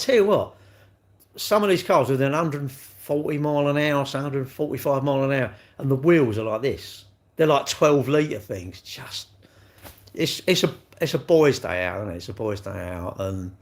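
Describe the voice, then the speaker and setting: A man, chatting bluntly with viewers on a livestream, swearing freely and calling everyone mate. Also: mid-range voice. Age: 60s. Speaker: livestream host. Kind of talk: casual chat reading live comments.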